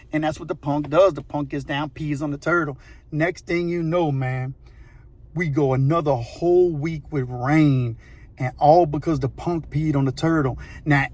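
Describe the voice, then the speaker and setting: A man, a channel host telling a story in a casual, animated, slangy way. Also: on the high side. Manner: animated, slangy, repeats phrases for effect.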